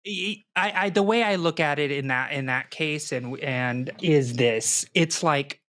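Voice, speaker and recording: Animated man with a fairly high voice. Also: unhurried, no echo. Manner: animated, restarts often, acts out quoted kids. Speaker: co-host, educator and parent. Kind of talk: casual discussion with a caller.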